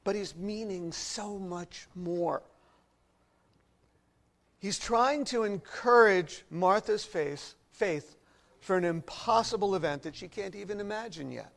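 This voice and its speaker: A man with a high voice delivers a sermon. He preaches expressively and lets his volume rise to emphatic peaks, then drop to near-hushed passages. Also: slow, gravelly. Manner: expressive preaching with wide swings in loudness. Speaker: pastor.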